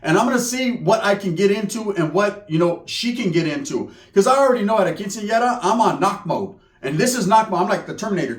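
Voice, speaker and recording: A man tells a comedy story in streetwise slang, animated and profane. His voice is pitched high for a man, and it rings in a roomy echo. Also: fairly quick. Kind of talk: comic storytelling.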